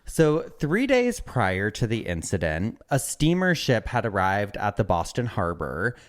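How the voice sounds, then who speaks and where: A man with a somewhat low voice co-hosts a podcast and tells a history story. He is campy and sweary, calling his cohost girly and baby as he goes. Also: huge pitch swings, a little slow. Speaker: podcast co-host. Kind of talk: casual chat.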